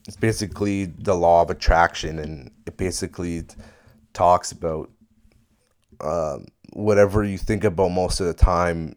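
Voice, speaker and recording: A man's voice: low-pitched, darkish tone, dry recording, studio quality. A young man hosting a casual solo podcast, rambling and swearing freely in a laid-back way. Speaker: podcast host.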